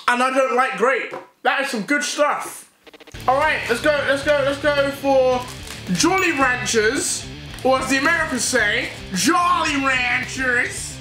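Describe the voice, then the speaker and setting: A young British man on a casual taste-test vlog, reacting loudly and with excitement. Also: extremely high pitch. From United Kingdom. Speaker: YouTuber. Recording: echoey room with loud music.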